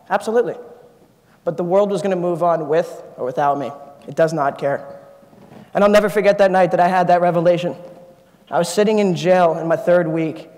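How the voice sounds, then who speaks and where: Young male keynote speaker, high voice, earnest, lingering hall reverb. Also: a little mellow. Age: 20s. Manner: earnest personal storytelling, emphatic repetition. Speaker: keynote speaker, engineering student. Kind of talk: motivational speech. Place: conference auditorium stage. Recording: long reverb of a large hall.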